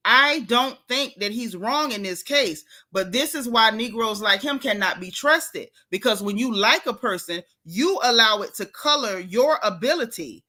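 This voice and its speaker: A woman's voice: a little high, sharp tone. A middle-aged woman, hosting a gossip commentary show in a sassy, emphatic way, talking straight to her viewers. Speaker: host.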